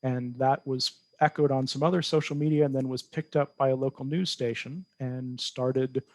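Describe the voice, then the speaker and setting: Guy calmly explaining research on a podcast, average pitch, dry mic. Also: no room sound. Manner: measured, explanatory, self-correcting. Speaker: guest researcher. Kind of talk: podcast interview answers.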